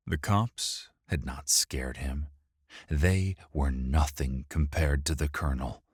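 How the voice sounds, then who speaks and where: A male audiobook narrator with an extremely deep voice, reading at an unhurried, measured pace. His delivery is steady and controlled. The recording is dry and close, with no room sound. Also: no echo. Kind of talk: scripted narration.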